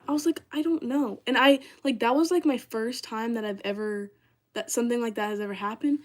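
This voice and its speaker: A woman's voice: on the high side, steady tone, fairly quick. A young woman on a livestream, casually telling a story to her viewers, chatty and full of "like". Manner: chatty, heavy use of "like", addresses viewers as "y'all".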